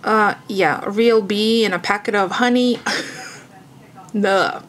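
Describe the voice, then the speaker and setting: A woman's voice: mid-range voice, slow, a little hiss or hum, low-quality recording. Chatty woman rambling in her home vlog. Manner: rambling, self-amused, lots of fillers; cooking while talking. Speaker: vlogger. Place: home kitchen.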